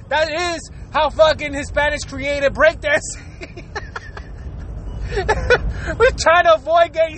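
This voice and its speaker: Man, very high voice, bright, profane comedic rant, laughs often. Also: a little hiss or hum, low-quality recording. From United States. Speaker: podcast host.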